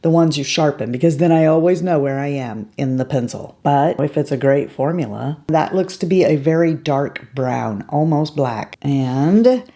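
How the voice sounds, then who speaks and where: A woman's voice: low-pitched, expressive, moderate pace, few pauses, mellow. A woman over fifty chatting casually to her viewers as she does her makeup in a beauty tutorial. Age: 50s or older. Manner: chatty, talks straight to viewers while applying makeup. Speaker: beauty vlogger.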